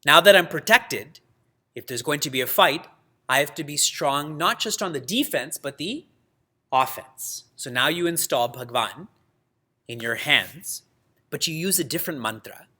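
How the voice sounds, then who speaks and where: A man teaching a religious class in a lively way, asking his students questions and laughing often. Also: a little high, moderate pace, slightly rough. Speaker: spiritual teacher.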